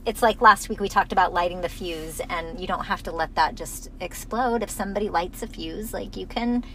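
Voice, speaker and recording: A woman co-hosting a casual conversation, calmly explaining her ideas and laughing often. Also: on the low side, a little fast, slight background noise, low-quality recording.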